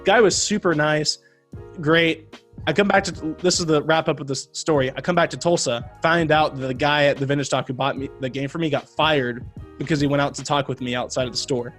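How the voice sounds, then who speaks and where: A man tells a long, rambling story as a podcast guest, full of fillers and quick asides. His voice sits a little high for a man. Faint music plays quietly in the background. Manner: rambling, animated retelling with frequent fillers. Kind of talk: casual storytelling.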